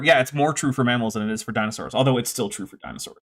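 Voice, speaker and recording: A man's voice: medium pitch, very fast, few pauses. A man hosting a livestream, giving opinionated commentary with sarcastic asides and reading out viewer comments.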